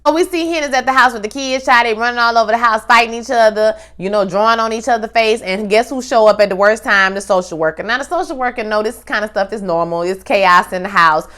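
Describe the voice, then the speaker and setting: A young woman recapping a TV episode in a casual, animated way, acting out the characters' lines and throwing in slangy asides. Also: a little high, quick pace, hardly any pauses. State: pregnant. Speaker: TV recap host.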